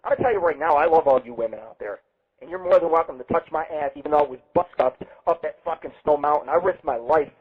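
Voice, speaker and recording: This live internet radio host drifts from topic to topic, bragging loudly and swearing constantly. His husky, somewhat high voice moves quickly, captured on a webcam setup with a tinny, lo-fi, phone-like quality.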